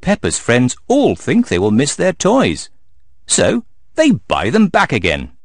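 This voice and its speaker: A man narrating a storybook aloud in an expressive, sing-song way. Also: a little high, measured pace, gravelly, no room sound, studio quality.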